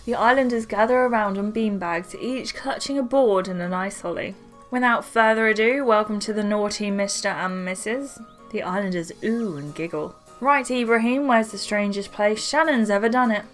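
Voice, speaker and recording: A woman's voice: medium pitch, normal speed, a bit bright. A young woman hosting a gaming video, reading a story game's lines aloud in a playful way and adding her own comments. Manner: playful, reads each character's lines in turn. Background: faint game music.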